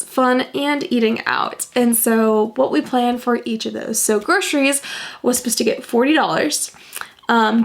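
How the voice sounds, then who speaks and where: A woman's voice: a little high, gravelly. A young woman vlogging casually to camera, bubbly and gushing as she talks budgets and unboxes a package.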